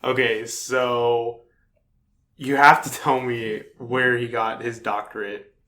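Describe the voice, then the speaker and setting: A man's voice: mid-range voice, flat delivery, slow, pushed and bright. A young man co-hosting a podcast, chatting casually and easily. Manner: easygoing, with lots of short agreeing replies. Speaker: podcast co-host. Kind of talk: casual chat.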